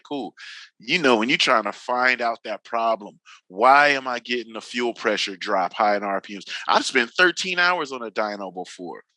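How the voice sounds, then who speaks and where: As a podcast guest in casual conversation, a Northern California man in his forties, a drifting veteran, tells loose stories packed with slang and profanity, voicing what others said. He has a bright, forceful mid-range voice, recorded dry and rough.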